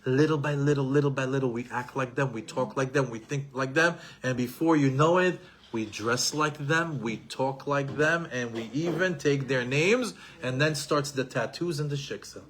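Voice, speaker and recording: A middle-aged man giving an animated Torah lesson, repeating himself and mixing in Hebrew terms. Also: medium pitch, moderate pace, a little hiss or hum. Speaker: Torah teacher.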